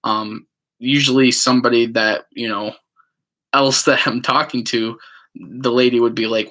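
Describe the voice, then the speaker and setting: A man with a bright, forceful voice tells a personal story to the camera in loose, casual talk. He rambles along with plenty of ums and likes, and slips into acting out what other people said. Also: medium pitch, steady tone, a little slow. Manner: rambling, many fillers, acts out quotes. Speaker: vlogger.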